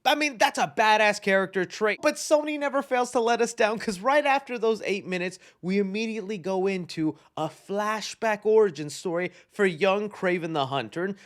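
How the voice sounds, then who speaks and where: A man giving a casual spoiler film review with sarcastic, animated asides. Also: sits high, normal speed, hardly any pauses.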